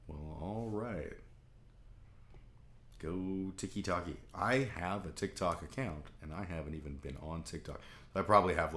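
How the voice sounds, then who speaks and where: A man's voice: deep voice, a bit bright, roomy sound. A man from Canada talking candidly in a rambling, casual monologue, swearing freely. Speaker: vlog host.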